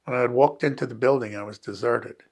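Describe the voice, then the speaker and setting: An older man from New Jersey, a physician, telling a personal story in a wry, animated way and acting out the dialogue. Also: mid-range voice, fast talker, creaky.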